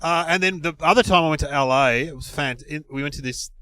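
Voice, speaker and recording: Animated Australian man telling stories. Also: fairly high pitch, quick pace. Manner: animated storyteller, acts out quotes. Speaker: comedian co-host. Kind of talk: casual chat while driving. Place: in a car.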